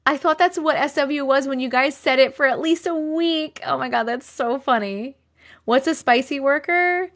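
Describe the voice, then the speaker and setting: A woman's voice: sits high, normal speed, fairly bright tone. A woman in her thirties hosting a casual live stream, bubbly and chatty, thanking viewers and reading comments aloud. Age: 30s.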